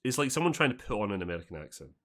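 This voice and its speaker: A man's voice: lowish voice, big pitch swings, rapid-fire, a bit bright. A man running a tabletop game as game master, improvising and rambling with lots of "like".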